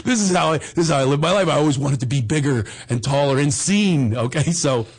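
A middle-aged comedy show host tells rambling, self-deprecating personal stories in a bombastic, casual chat. His husky voice is on the high side and fairly quick.

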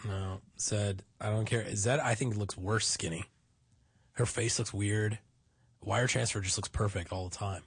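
A man with a lowish, slightly husky voice trades crude, blunt banter as a podcast co-host. He swears easily and gets animated. The sound is dry and close. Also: a little slow, no echo.

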